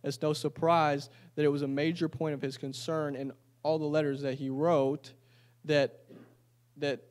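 A man's voice: fairly high pitch, little pitch movement, unhurried, a little mellow. A man preaching a sermon in a church. He reads scripture aloud and then explains it in casual, everyday talk. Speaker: pastor.

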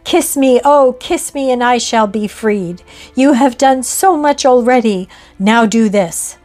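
A woman's voice: a little high, unhurried, faint music behind, natural voice. A woman reading as a pleading male ghost. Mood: beseeching. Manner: beseeching, soft, urgent.

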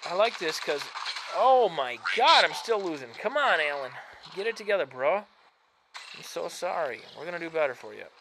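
A man's voice: a little high, animated, fairly quick, vocal fry. Chatty man doing game commentary. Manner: chatty, self-mocking, swings from mumbling to loud frustrated outbursts. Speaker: gaming channel host. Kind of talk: casual gameplay commentary. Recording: noisy background.

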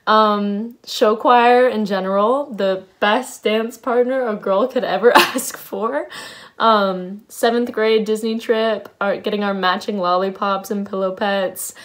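A woman's voice: medium pitch, fairly even intonation, takes it slowly, a bit bright. A young woman sending a longtime friend birthday wishes in a casual video message, bubbly and reflective with laughs between thoughts. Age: young adult.

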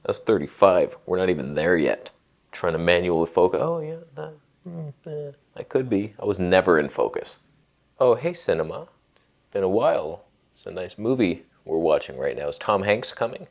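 Sarcastic, animated male camera reviewer. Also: low voice, normal speed. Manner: sarcastic, rambling, jokey asides. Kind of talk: comedic camera review rant.

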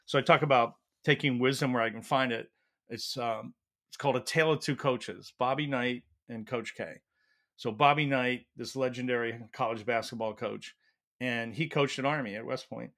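Male academic guest, storytelling answers, mid-range voice, animated. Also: mid-range voice, normal speed. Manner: animated storyteller, acts out quotes. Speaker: leadership professor, guest.

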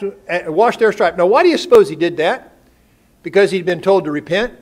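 A man's voice: sits high, animated, brisk, darkish tone. An older man preaching a sermon, folksy and full of rhetorical questions and homespun stories. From United States. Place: church sanctuary.

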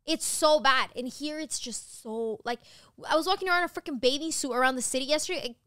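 A young woman co-hosting a podcast, chatting casually and gushing with animated enthusiasm, dropping the odd swear. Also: high voice, a little fast, no echo, studio quality. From United States. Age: young adult. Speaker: podcast co-host. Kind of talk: casual chat.

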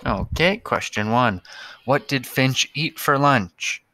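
A man's voice: mid-range voice, lively intonation, slow, pushed and bright, dry recording. A male teacher giving a recorded lesson to young students, patient and spelling out words one by one.

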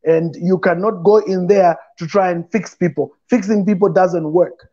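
A man's voice: sits high, steady tone, moderate pace, mellow. A middle-aged man, a pastor hosting an online conversation, talking casually and with animation, laughing and acting out voices as he tells stories. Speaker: pastor and show host. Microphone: video call. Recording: dull lo-fi online call audio.

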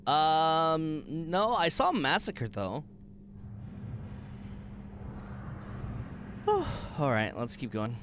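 A male streamer talking over a horror game, his pitch swinging wildly from low mutters up to high yelps. He drawls at an unhurried pace and swears freely. A faint hiss sits under his voice. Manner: excitable, swears, jumps to sudden high shouts and laughter. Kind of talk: gaming livestream commentary.

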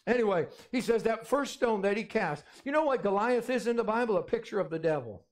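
A man's voice: high voice, expressive, brisk. A man preaching a sermon as pastor, emphatic and repetitive, often calling out amen. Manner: emphatic, repetitive, calls for amens.

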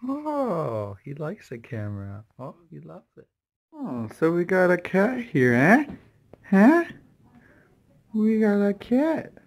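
A man's voice: high voice, wildly swooping pitch, slow pace. A man talking casually to a handheld camera in a vlog, playful and joking. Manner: playful, joking, hums and sings silly sounds. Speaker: vlogger.

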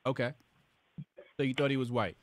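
A man hosting a casual livestream chat, laid-back and quick to laugh, often trailing off into a low mutter. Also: fairly even intonation, slight background noise. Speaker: host.

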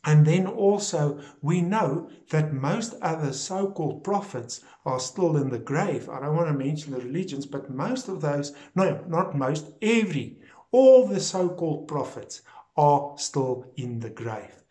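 A man preaching a recorded sermon episode, slow and deliberate, stressing key words and repeating phrases for emphasis. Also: a little high, expressive, mellow.

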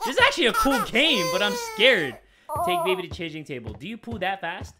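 A young man playing a horror game and commenting as he goes, casual and slangy, reading the prompts aloud and yelping and shouting whenever something startles him. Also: high-pitched, huge pitch swings, normal speed, a little hiss or hum. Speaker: gaming YouTuber. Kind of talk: let's play commentary.

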